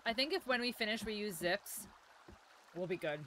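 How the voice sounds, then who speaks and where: While streaming a game, a woman chats casually, laughs often, and fights off the hiccups. Her medium-pitched voice has lively intonation and a fairly bright tone at a moderate pace, with slight background noise.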